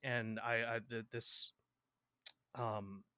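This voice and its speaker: Bright-voiced rambling man, podcast guest. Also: mid-range voice, flat delivery, very slow, clear, resonant tone, no echo, clean studio sound. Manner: rambling, repeats words, laughs often. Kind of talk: casual interview chat.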